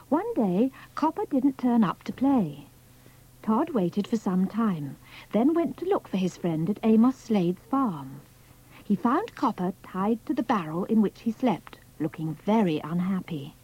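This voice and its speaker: A woman narrating a children's storybook in a measured, expressive reading. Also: mid-range voice, breathy edge, dull audio.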